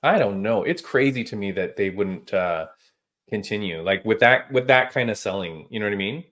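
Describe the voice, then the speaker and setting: A man hosting a casual podcast chat, telling stories in an animated, emphatic way with casual slang. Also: fairly low pitch, moderate pace. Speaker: podcast host.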